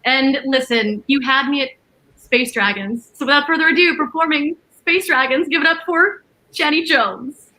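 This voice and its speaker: A woman co-hosts an online cabaret with a high, bright voice. She rambles through her introductions and laughs at her own slips. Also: moderate pace, poor audio. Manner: giggly, rambling, self-mocking. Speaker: cabaret co-host. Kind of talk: upbeat live-stream hosting.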